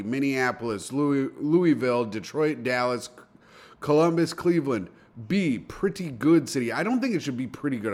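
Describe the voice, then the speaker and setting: Joking man rattling off a list. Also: mid-range voice. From Indiana. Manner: jokey, rattles off lists in rapid fire. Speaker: podcast host. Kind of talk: casual comedy podcast chat.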